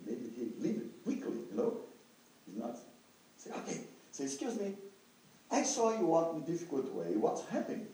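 Echoey, animated man telling a testimony. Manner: halting non-native English, jumps to high excited exclamations. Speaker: evangelist sharing a testimony. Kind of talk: animated testimony to a listening audience. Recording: echoey room, picked up from a distance, faint noise.

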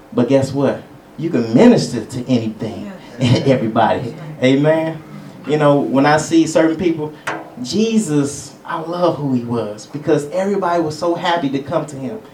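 A man's voice: medium pitch, darkish tone, roomy sound, recorded from a distance, a little hiss or hum, poor audio. A male preacher giving a conversational teaching sermon. He chuckles between points and calls out for amens. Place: church sanctuary.

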